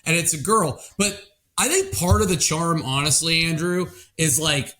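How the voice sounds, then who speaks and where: A man's voice: on the high side, normal speed, bright, forceful tone. A man from Oklahoma co-hosting a podcast, playful and rambling in casual chat. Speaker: podcast co-host.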